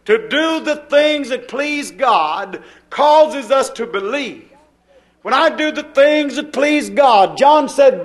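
High-voiced folksy preacher man. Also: animated, unhurried. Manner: folksy storytelling, repeats phrases. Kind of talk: sermon.

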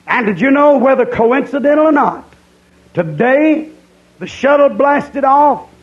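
A man's voice: very high-pitched, expressive, measured pace, lo-fi sound. A man preaching a camp-meeting sermon, emphatic and repeating his points.

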